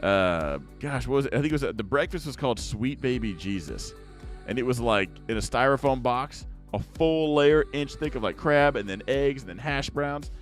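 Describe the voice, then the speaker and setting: A young man chatting casually to viewers as he opens card packs, rambling along and now and then breaking into excited outbursts. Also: medium pitch, normal speed, soft background music. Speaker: card-opening YouTuber. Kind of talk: casual pack-opening chat to viewers.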